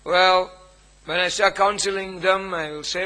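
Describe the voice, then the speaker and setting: A man, preaching a sermon as pastor, with emphatic phrasing and long pauses between phrases. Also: sits high, fairly even intonation, pushed and bright, low-quality recording.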